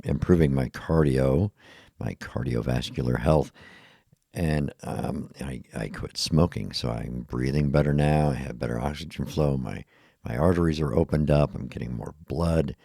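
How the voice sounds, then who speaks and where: A man's voice: rumbling low, gravelly, dark tone, no echo, studio quality. A middle-aged man talking tiredly in a rambling, self-deprecating podcast monologue, laughing at himself often. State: tired, yawning. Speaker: podcast host. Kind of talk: casual monologue.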